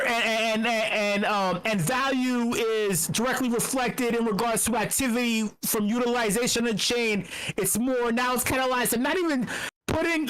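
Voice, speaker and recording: At an online meetup, a participant rants heatedly and profanely in a group call, exasperated and emphatic, often restarting sentences. The voice is medium-pitched and a bit bright, on a rough recording.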